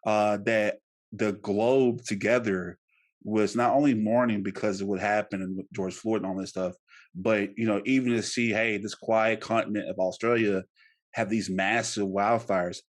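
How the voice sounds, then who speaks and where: Animated man in his thirties, lowish voice. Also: moderate pace. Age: 30s. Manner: animated, laughing, repeats words. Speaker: podcast host. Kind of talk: casual podcast interview.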